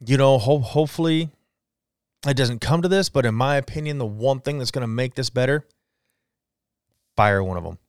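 In a casual solo rant, this forties-aged podcast host speaks bluntly and swears freely. His medium-pitched voice is smooth, at normal speed with frequent pauses, captured in a dry, clean studio recording.

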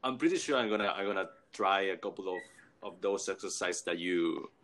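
Low-voiced eager male interviewer. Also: a little fast, a bit bright, a little hiss or hum. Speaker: podcast host. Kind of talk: casual interview.

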